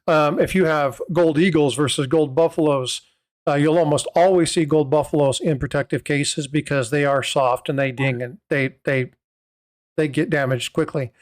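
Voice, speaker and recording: A man's voice: on the high side, steady tone, normal speed. A man hosting a livestream, explaining things in casual chat with lots of filler sounds and restarts. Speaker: host of a coin livestream.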